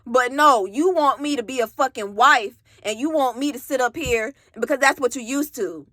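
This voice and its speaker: Young woman, bright tense voice with a slightly raised pitch, candid storytime vlog with lots of "like", recorded dry and close. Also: normal speed, no room sound. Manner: rambling, frequent "like" and swearing, candid. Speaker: vlogger telling her own story. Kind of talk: casual storytime monologue.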